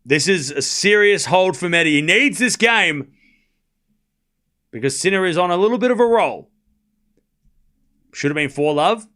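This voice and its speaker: Animated man calling live tennis. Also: sits high. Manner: sarcastic, joking with chat; rapid play-by-play calls. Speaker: stream host and commentator. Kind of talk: live tennis watchalong commentary.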